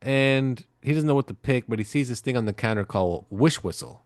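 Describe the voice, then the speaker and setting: A man's voice: medium pitch, brisk, dry recording, studio quality. A man co-hosting a podcast, telling a movie story in a loose, profane, rambling way with plenty of fillers. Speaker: podcast co-host. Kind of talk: casual chat.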